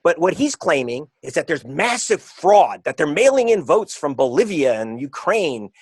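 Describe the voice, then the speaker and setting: A man being interviewed as an author and reporter, talking in an emphatic, combative way and slowing down to stress his points. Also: fairly high pitch, very animated, slightly rough, no room sound. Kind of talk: interview guest.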